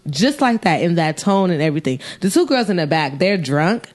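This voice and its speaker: A young woman in her twenties tells a story on a casual chat podcast with lots of energy. She curses freely and jumps into the voices of the people she is quoting. Her voice sits a little low for a woman. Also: brisk. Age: 20s. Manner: animated, profane, acts out quoted voices. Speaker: podcast co-host.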